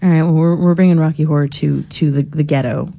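A woman in casual, crude banter, profane and animated and quick to laugh. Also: sits low, gravelly, dull audio.

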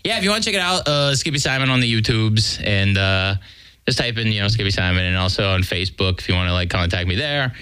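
A man's voice: on the low side, animated, quick pace, sharp tone, smooth, no room sound. A man chatting casually as a podcast guest, laid-back and rambling with lots of fillers. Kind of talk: casual chat.

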